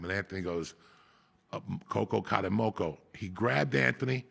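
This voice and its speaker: A raspy, gravelly man tells school stories full of swearing. His voice is husky and he often cracks up mid-story in a loose podcast chat. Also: on the low side, normal speed. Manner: raspy, profane, animated, breaks into laughter. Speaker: podcast host. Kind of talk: profane casual storytelling.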